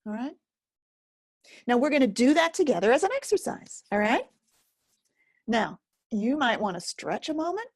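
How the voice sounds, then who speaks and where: A woman teaching a guided self-help lesson, speaking gently and slowly with many pauses. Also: on the high side, very animated, no echo, studio quality. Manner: gentle, slow and pausing, speaks as if to a listener. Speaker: focusing teacher.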